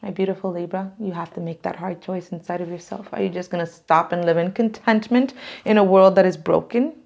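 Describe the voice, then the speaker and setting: A woman's voice: lowish voice, fairly even intonation, fairly quick, creaky, darkish tone, muffled recording. A woman doing a casual, emotional tarot reading to camera, rambling and laughing often, near tears. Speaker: tarot reader.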